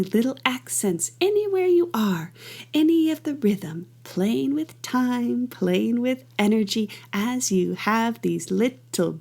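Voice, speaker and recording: Middle-aged female dance teacher, unhurried and gravelly, counts beats, makes playful rhythm sounds. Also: on the high side, expressive, a little mellow. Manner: enthusiastic, playful. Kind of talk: guided movement class.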